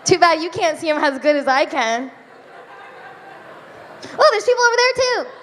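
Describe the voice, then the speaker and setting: A young woman performing a stand-up comedy set, giggly and self-deprecating, with drawn-out deadpan asides. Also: very high voice. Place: comedy club stage before a live audience. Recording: live club recording with reverb, faint room noise.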